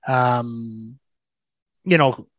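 A man in an interview, telling his story candidly in a halting, self-deprecating way and often repeating words. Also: mid-range voice, fairly bright tone, no echo. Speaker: guest. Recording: dull lo-fi dry sound.

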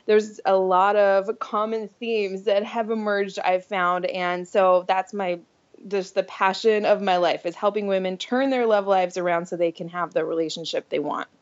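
A woman's voice: medium pitch, steady tone, moderate pace, roomy sound, dull audio. A woman being interviewed as a dating coach, chatting casually, laughing often and restarting her sentences. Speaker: podcast guest, dating coach.

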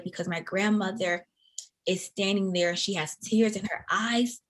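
A woman in her thirties from the Atlanta area, telling a personal story as an interview guest in an earnest, reflective, halting way. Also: mid-range voice, sharp tone. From Atlanta, USA.

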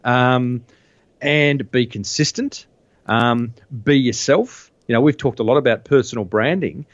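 A man's voice: mid-range voice, unhurried, dry recording. Man, easygoing podcast guest, talkative with restarts, dull muffled audio, dead dry room. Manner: chatty, frequent restarts. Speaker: podcast guest, marketing author. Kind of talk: casual interview chat.

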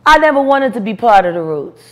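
Animated, profane woman telling stories. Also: a little high, a little fast. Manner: profane, animated storytelling with bursts of laughter. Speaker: interview guest. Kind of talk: storytelling interview.

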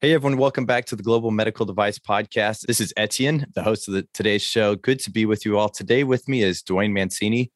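A man's voice: fairly low pitch, quick pace, hardly any pauses, no room sound. A man hosting a podcast, talking in a friendly, chatty way and introducing his guest. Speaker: podcast host. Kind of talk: casual podcast interview.

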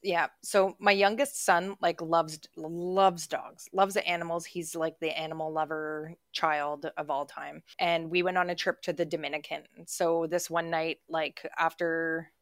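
A woman's voice: sits low, level tone, measured pace, hardly any pauses, a bit bright, no room sound, studio quality. A woman in her forties co-hosting a podcast, chatting casually and telling stories with lots of "like" fillers and frequent laughter. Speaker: podcast co-host. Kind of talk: casual storytelling chat.

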